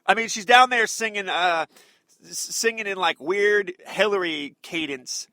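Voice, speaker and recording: A man's voice: high voice, expressive, normal speed, bright, forceful tone, dry recording. A man hosting a political talk show, delivering combative, sarcastic commentary with heavy emphasis. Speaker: radio talk show host.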